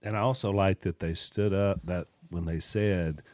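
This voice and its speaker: A man co-hosting a faith podcast, chatting casually, laughing often and reading scripture slowly. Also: low voice, steady tone, darkish tone, no echo. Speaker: podcast co-host.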